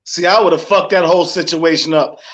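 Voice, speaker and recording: A man co-hosting a podcast in casual chat. He reacts quickly, laughs along and swears freely. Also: fairly high pitch, steady tone, a bit bright.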